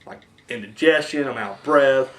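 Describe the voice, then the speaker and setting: A man's voice: mid-range voice, moderate pace, a little hiss or hum. A young man hosting a casual movie podcast, rambling and profane, acting out little scenes as he talks. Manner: rambling, profane, animated storytelling. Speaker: podcast host. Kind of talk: casual chat.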